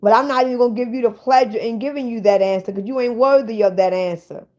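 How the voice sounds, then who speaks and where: Woman w/ aave on a live stream, swearing and calling out trolls, kinda high voice. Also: fast talker, a little mellow, muffled recording. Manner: blunt, profane, ranting at viewers. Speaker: livestream host. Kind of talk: casual livestream chat.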